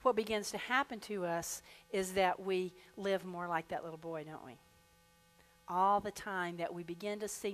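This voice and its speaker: A woman minister giving a sermon in a church, leading the congregation through slow affirmations and reading a rhyming poem with lively expression. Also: lowish voice. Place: church sanctuary.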